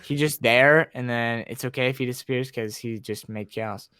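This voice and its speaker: A man co-hosting a casual podcast, rambling excitedly with lots of "like" and restarts. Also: medium pitch, normal speed, clear, resonant tone, dry recording, studio quality. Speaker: podcast co-host.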